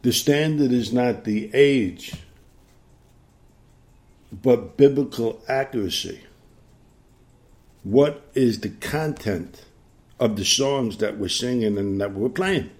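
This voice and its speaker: A man's voice: medium pitch, slow pace, long pauses, darkish tone. A man preaching a sermon, emphatic, repeating key phrases and pressing the listeners with rhetorical questions.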